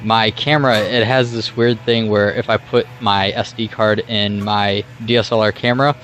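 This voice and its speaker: A young man with a lowish voice talks over his workout footage in a loose, casual vlog style. He rambles, filling gaps with ums and uhs and restarting his sentences as he goes. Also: little pitch movement, moderate pace, a bit bright, a little hiss or hum. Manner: rambling, with many fillers and restarts. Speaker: fitness vlogger.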